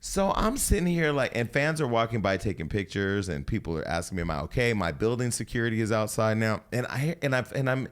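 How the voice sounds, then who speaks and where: A man's voice: lowish voice, very animated, a little fast, few pauses. A man hosting a casual talk show, telling a long personal story with lots of swearing and acted-out quotes. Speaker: host.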